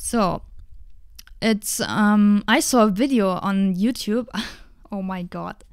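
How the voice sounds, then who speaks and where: A woman's voice: fairly high pitch, darkish tone, smooth, dry recording. A woman hosting a live-streamed tech tutorial, chatting casually as she shows and tests microphones at her desk. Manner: chatty, hands-on, demonstrating microphones. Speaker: streamer explaining audio gear. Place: indoor room at a streaming desk. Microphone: switching between test microphones.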